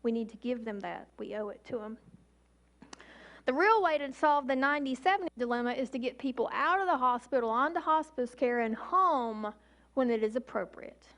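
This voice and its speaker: A woman in her forties, an emergency physician, giving an emphatic public talk with slow, deliberate pauses. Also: on the high side, animated, a bit bright.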